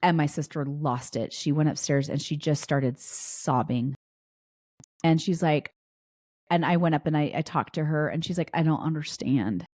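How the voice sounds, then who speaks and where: A woman with a notably low, deep voice tells a story, casual and chatty. She backtracks often, dropping fillers as she goes. The sound is dry and close, with no room around it. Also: fairly even intonation, normal speed, darkish tone, no room sound. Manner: chatty, with frequent restarts and fillers. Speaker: podcast host.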